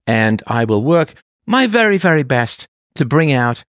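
A man's voice: medium pitch, sing-song, a little slow, fairly bright tone, no room sound, clean studio sound. A man voicing a young child who grovels and begs a father's forgiveness in a mock-pleading, sarcastic way. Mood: groveling.

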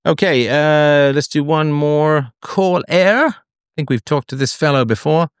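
A man's voice: a little high, unhurried, clear, resonant tone, no room sound, studio quality. A man hosting a live call-in show, blunt with crude asides, swinging his voice up and down as he talks. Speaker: host.

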